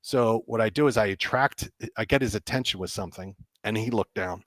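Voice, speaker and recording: A man, a game developer guest on a podcast, telling an animated story and acting out the dialogue with lots of restarts. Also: on the low side, a little fast, no echo. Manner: excitable, acts out quoted dialogue, many restarts.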